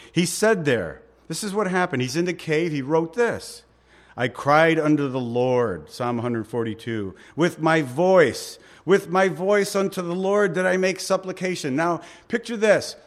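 A man preaches with a fairly high voice. He moves between quoting scripture and acting out brief lines, with an occasional chuckle. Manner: animated preaching, acts out voices of David and God, chuckles. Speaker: pastor. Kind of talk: sermon.

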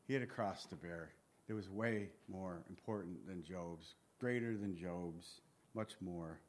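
A man's voice: lowish voice, lively intonation, a little slow. A man teaching through a book of the Bible, reading scripture aloud, acting out its pleas and turning to his listeners with conversational asides. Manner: earnest, reads scripture aloud and acts out the pleas.

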